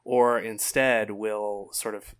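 A man's voice: fairly low pitch, flat delivery, takes it slowly. A man co-hosting a podcast, musing thoughtfully with some hesitation. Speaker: podcast co-host. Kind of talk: casual book discussion.

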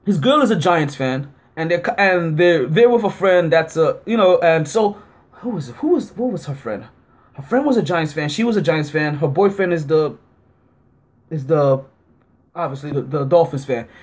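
Animated podcast host telling a story. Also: male voice, normal speed. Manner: animated, acts out both sides of an argument with rising pitch; heavy use of fillers like "like" and frequent laughter. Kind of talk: casual storytelling.

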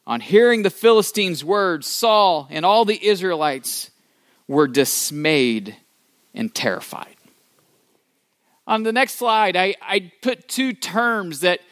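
A man preaching a sermon as the pastor, telling the story with playful acted-out asides and shifting between loud and soft. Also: high-pitched, expressive, a little slow, no echo, clean studio sound.

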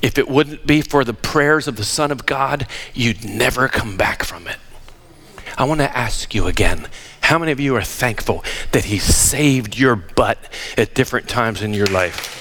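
An older man preaching a sermon, emphatic and animated, firing rhetorical questions at the congregation. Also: medium pitch, moderate pace. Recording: long hall reverb.

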